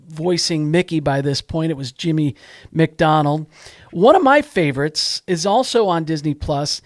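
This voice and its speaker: Male podcast co-host, somewhat high voice, dry close sound, chatty and fact-heavy. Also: no room sound. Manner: chatty, lists facts and dates. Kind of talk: casual chat about holiday films.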